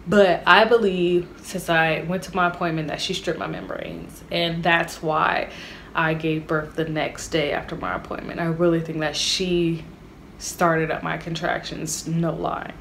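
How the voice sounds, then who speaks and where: A young woman tells a casual storytime straight to her viewers, chatty and animated. Her voice sits a little low for a woman. A faint hiss of room noise runs under her speech from the camera mic. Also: a little slow. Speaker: vlogger.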